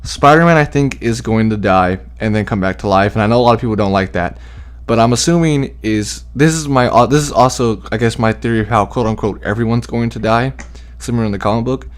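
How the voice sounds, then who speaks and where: A man's voice: mid-range voice, a little fast, clear, resonant tone. A man casually sharing fan theories, rambling with many fillers and the odd swear word. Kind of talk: casual chat.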